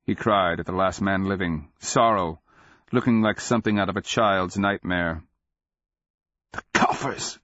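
A man narrating a dark fantasy audiobook in a measured, deliberate, dramatic way. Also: low voice, no echo. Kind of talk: scripted literary narration. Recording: slightly muffled dry recording.

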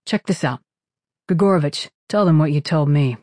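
A man's voice: a little high, normal speed, darkish tone, dry recording, clean studio sound, close to an everyday voice. Narrator playing a blunt male starship captain. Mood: businesslike. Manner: blunt, commanding.

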